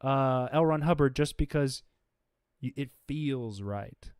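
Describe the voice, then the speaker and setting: This livestream host takes it slowly in an unscripted rant, sounding exasperated and confrontational as he says he's exhausted, with many fillers and restarts. His mid-range voice is a little mellow and clean-toned, with no echo and a clean studio sound.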